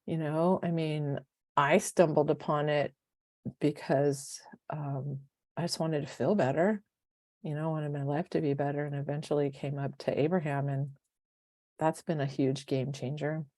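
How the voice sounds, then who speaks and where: A woman's voice: low-pitched, moderate pace, no room sound, clean studio sound. A woman in her fifties co-hosting a casual podcast, telling stories with animation and acting out the dialogue. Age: 50s. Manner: animated storyteller who acts out quoted dialogue. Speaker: podcast co-host.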